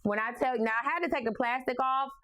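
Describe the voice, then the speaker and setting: A woman's voice: sits high, quick pace, fairly bright tone. A woman in her forties with a New York accent, hosting a casual, playful music talk and laughing often. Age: 40s. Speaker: host. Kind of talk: casual storytelling about music.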